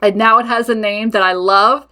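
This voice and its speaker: A woman's voice: medium pitch, steady tone, moderate pace, sharp tone. A woman hosting a podcast in a casual monologue, talking in a blunt, matter-of-fact way, laughing and swearing freely. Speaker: podcast host and witchcraft business owner.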